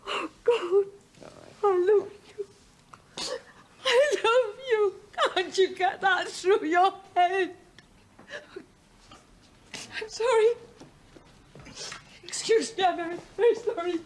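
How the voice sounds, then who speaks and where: An actress playing a devoted female lab technician who speaks in an earnest, hushed, urgent way. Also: extremely high pitch, moderate pace, long pauses, slight background noise. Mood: tearful. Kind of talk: 1980s television drama.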